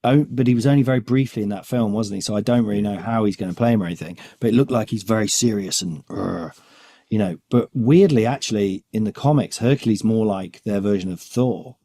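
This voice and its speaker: A man's voice: fairly low pitch, a little fast, dark tone. A man co-hosting a podcast, chatting casually and laughing often as he talks. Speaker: podcast co-host. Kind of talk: casual comedic chat.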